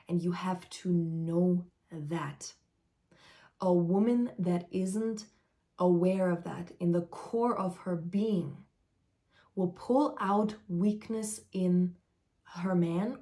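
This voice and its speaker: A woman spiritual coach giving an earnest, unedited stream-of-consciousness live talk, often pausing to search for words. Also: on the low side, mellow.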